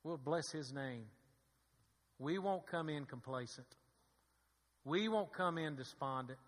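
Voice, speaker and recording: A man's voice: on the high side, slow. A man preaching a sermon in a church, building to fervent peaks and asking the congregation for an amen. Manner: preaching with rising fervor and call-and-response asides. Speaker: pastor. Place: church sanctuary. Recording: long hall reverb.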